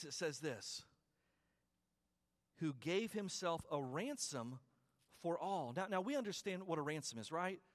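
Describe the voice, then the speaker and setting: A man preaching a sermon as pastor, emphatic and repetitive at the peaks, chatty with stumbles in the asides. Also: on the high side. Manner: emphatic preaching with repeated phrases and rising calls; conversational asides with stumbles and restarts.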